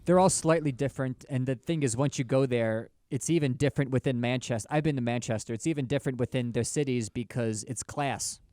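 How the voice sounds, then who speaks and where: Man, mid pitch, animated, casual joking, dry close-miked sound. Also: brisk, hardly any pauses, dry recording. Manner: animated, swearing, jokey asides. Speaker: podcast co-host. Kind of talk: casual comedic chat.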